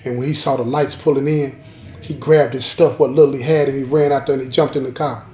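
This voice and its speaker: A man's voice: mid-range voice, steady tone, fairly quick, a little mellow. A man telling a dramatic story to his viewers, emphatic and repeating key lines, talking straight to the audience. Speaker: storyteller host. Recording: roomy echo.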